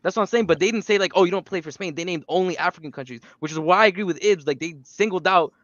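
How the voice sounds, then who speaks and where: Male stream host, casual, explains fast, slightly high voice. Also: fairly bright tone, no echo, lo-fi sound. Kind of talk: livestream discussion.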